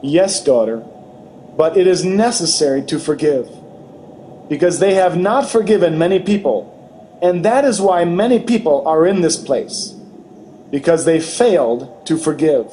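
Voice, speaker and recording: A man voicing a grave, tender Jesus who speaks slowly and solemnly in a dramatized testimony reading. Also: on the high side, expressive, a little hiss or hum. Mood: pleading. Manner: slow, solemn, gently pleading.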